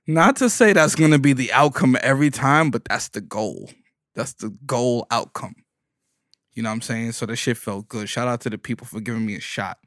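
Animated, profane Bronx storyteller. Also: male voice, mid-range voice, a little fast, no room sound, studio quality. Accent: New York Bronx. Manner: animated, profane, slangy, riffing on his own jokes. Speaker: stand-up comedian. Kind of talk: comedic storytelling monologue.

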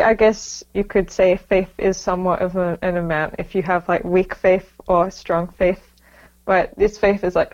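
A woman's voice: mid-range voice, a little mellow, lo-fi sound. A woman answering interview questions, reading from notes with many fillers. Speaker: guest.

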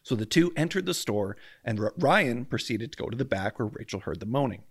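A man's voice: medium pitch, animated, a little fast, husky, no echo. A man co-hosting a casual true-crime podcast, chatty and jokey, tripping over names as he tells the story. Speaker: podcast co-host. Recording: dry close mic at home, faint outdoor hum.

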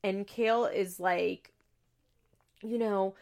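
Sarcastic woman with a gravelly edge. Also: mid-range voice, unhurried. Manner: opinionated, sarcastic, lots of fillers. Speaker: podcast host recapping a reality show. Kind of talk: casual chat.

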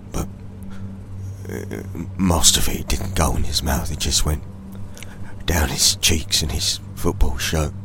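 A British man telling an absurd comic tall tale in deadpan style, teasing a sidekick as he goes. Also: a bass voice, background noise. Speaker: comedian. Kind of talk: comic storytelling monologue.

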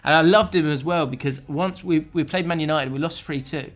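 Man, podcast host, chatty and rambling, a touch higher-pitched. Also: fairly quick, a bit bright. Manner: rambling, laughs while telling stories. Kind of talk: casual football chat.

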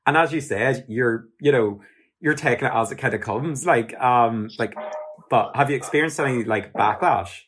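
Brief: Northern Irish man, mid-pitched, loose and rambling as interviewer. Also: moderate pace, fairly bright tone, a little hiss or hum. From Northern Ireland. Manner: rambling, many fillers like "like". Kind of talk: casual interview questions.

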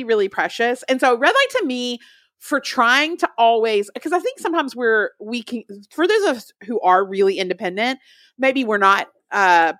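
A young woman co-hosts a podcast in casual chat, telling a story in an animated way and acting out quotes in other people's voices. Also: medium pitch, no room sound, studio quality. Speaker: podcast co-host.

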